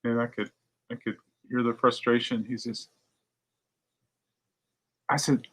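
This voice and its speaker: A man's voice: normal speed, long pauses, slightly rough. Chatty man telling a prank-call story. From United States. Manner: chatty storyteller, acts out phone calls with high excited voices. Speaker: record store owner hosting a morning show. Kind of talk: casual chat to viewers.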